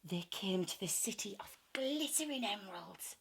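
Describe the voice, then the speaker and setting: A woman reads a children's story aloud with expressive, animated delivery. Her mid-range voice is gravelly and husky, at a moderate pace.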